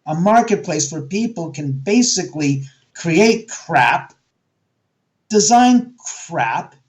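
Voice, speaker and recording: A man's voice: on the high side, expressive, takes it slowly. A man talking bluntly and with plenty of swearing as a guest in a casual radio interview, acting out the voices of people he quotes. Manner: blunt, profane storytelling. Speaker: author and guest.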